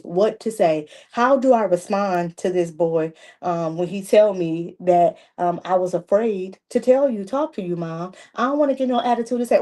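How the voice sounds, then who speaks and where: A middle-aged woman gives a casual, animated devotional talk on a livestream, with many fillers and restarts. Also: medium pitch, moderate pace. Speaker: ministry leader giving a parenting talk. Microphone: livestream mic.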